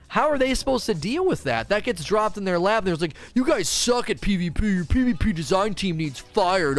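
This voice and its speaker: A man chatting casually as a game streamer, rambling through his thoughts with frequent restarts and acting out quick voices along the way. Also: a little high, fairly bright tone. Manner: rambling, restarts often, acts out voices mid-rant. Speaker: gaming streamer. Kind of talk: casual stream chat answering viewers.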